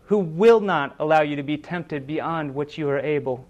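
Male preacher, fairly high voice, earnest sermon delivery, dramatic storytelling. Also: normal speed, hardly any pauses, a little mellow. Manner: earnest, dramatic retelling of scripture with emphatic quoted lines.

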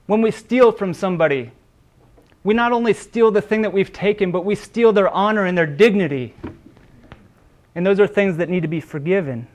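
Man, pastor, sermon, fairly high voice, earnest, repeats himself. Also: normal speed. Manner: earnest preaching with repeated words and brief restarts.

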